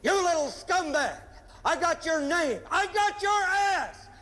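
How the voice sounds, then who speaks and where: Profane, relentless film drill instructor; strained, pitched-up shouting, echoey playback. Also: male voice, animated, slow pace, heavily acted. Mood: shouting, interrogating. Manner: barking insults, crude and relentless. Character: brutal profane male drill instructor, merciless.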